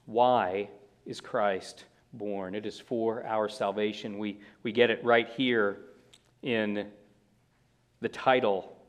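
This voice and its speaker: A male pastor preaching a sermon, slowing down and stressing key words, with small restarts. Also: lowish voice, steady tone. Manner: slow emphatic phrasing with pauses, small restarts.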